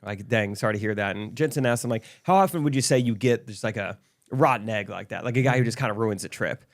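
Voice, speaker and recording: A young man co-hosting a podcast, telling stories in relaxed casual chat and laughing often. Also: fairly low pitch, fast talker. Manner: laid-back storyteller, laughs often. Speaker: podcast co-host.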